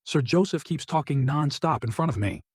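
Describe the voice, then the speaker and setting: A man voicing a weary, modest young male vassal who answers in a flat, listless way. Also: on the high side, moderate pace, slightly rough, no echo, clean studio sound.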